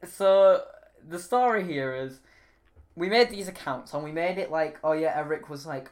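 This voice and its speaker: A man's voice: on the high side, a little slow. A man co-hosting a casual chat, giggling often and rambling, trailing off mid-sentence and restarting his thoughts.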